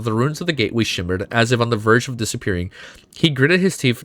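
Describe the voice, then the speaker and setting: A man streaming himself reading a web novel aloud, breaking into emotional, profane, excited reactions. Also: medium pitch, brisk, no echo. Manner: emotional, swears often, gushes in excited outbursts.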